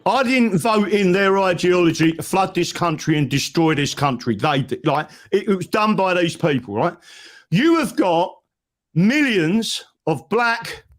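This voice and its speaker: A man, a guest in a live online talk, lecturing forcefully in a heated debate and tagging his points with "right?". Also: sits high, expressive, a little slow.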